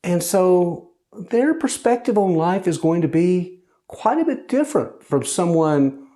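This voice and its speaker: Animated, lively-pitched man talking about loss. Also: a little slow. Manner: conversational, wry and sarcastic, animated pitch. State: widowed, grieving. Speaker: host. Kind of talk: personal monologue.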